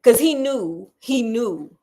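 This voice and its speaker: Animated, jokey woman storyteller. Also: on the high side, slow pace. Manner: animated, jokey, slangy asides. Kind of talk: casual story retelling.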